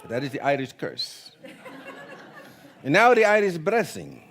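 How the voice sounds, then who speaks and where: A man with a Jamaican accent preaching a sermon in a relaxed, conversational, joking way. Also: a little high, measured pace, a crowd in the background, background noise. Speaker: pastor. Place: church sanctuary.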